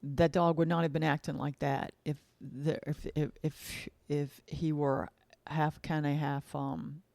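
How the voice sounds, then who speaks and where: A woman's voice: low-pitched, flat delivery, takes it slowly, gravelly, darkish tone, no echo. Rambling woman telling a story. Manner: rambling, repeats herself, acts out quoted dialogue. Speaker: vlogger. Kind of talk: casual storytelling monologue.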